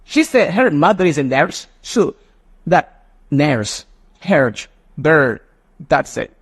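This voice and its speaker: A man's voice: a little high, slow, breathy edge. A man teaching a live online phonetics class, often asking rhetorical questions. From Nigeria. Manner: animated, mimics children's voices, asks rhetorical questions.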